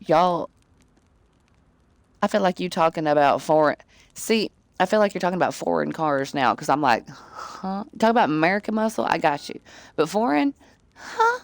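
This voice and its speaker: A woman's voice: deep voice, lively intonation, brisk, dry recording. A woman livestreamer at home, chatting casually with her viewers in a blunt, profane, joking way. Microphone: desk microphone.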